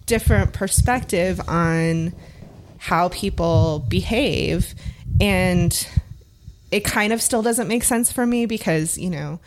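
A woman's voice: lowish voice, takes it slowly, slight background noise. A woman in a casual podcast discussion, talking thoughtfully and hesitantly, with many fillers and restarts.

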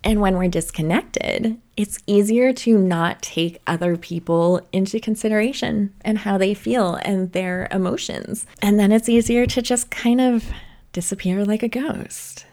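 Woman podcast host, solo chat into a mic; slow and unhurried, playful, theatrical, swears casually. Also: medium pitch, a little mellow. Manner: chatty, swears freely, playful and dramatic. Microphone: podcast microphone.

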